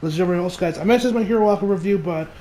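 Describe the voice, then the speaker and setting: A young man chatting casually as an anime reviewer, excitable and profane, laughing a lot, into a new home mic. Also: sits high, racing, slight background noise. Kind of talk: casual chat.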